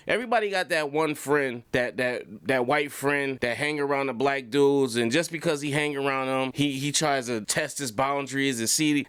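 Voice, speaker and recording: A man giving blunt reaction commentary in a casual, conversational way. His voice is smooth and resonant, recorded close and dry. He often circles back and repeats a phrase to drive it home. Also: medium pitch, a bit bright, dry recording. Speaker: commentary channel host.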